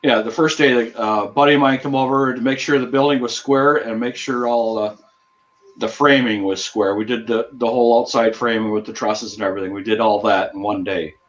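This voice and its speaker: A man's voice: medium pitch, steady tone, a little fast. Guy shooting the breeze, laid back, kinda muffled lo-fi audio. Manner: easygoing, storytelling with repeated phrases. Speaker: host. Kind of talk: casual chat. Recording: dull lo-fi audio.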